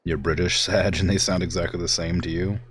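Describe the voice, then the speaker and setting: Deep-voiced male game streamer. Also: level tone, a little fast, slightly rough. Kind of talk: casual live-stream commentary.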